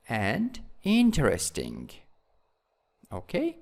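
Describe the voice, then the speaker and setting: Slow-drilling male english teacher. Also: on the high side, huge pitch swings, creaky. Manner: repeats each word slowly for drilling. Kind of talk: vocabulary lesson for schoolchildren.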